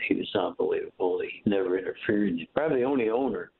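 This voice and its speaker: A man's voice: low voice, fairly quick, gravelly. Folksy older man on a phone line. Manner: folksy, animated storytelling with quoted dialogue. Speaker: former football coach, guest. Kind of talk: storytelling interview.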